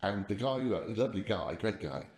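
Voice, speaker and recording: Here a software company founder, an older man, spins casual, rambling business tales on a podcast, frequently restarting his sentences. His brisk delivery comes in a voice on the low side, darkish in tone, with lively intonation.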